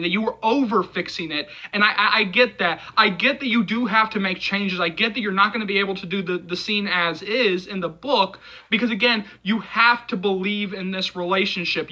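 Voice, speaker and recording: Fired-up guy ranting about a movie scene, high bright voice, keeps repeating himself. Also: low-quality recording. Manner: passionate, repetitive, many fillers. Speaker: movie channel host. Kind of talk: casual video commentary.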